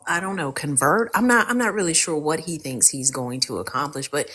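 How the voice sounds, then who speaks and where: A woman explaining her point in a measured way during a casual podcast chat. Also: deep voice, a bit bright, husky. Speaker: podcast co-host.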